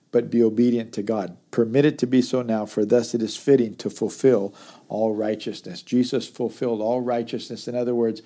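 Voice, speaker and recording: A man's voice: mid-range voice, mellow. A middle-aged man, a pastor, teaching a daily Bible study, reading verses and explaining them earnestly.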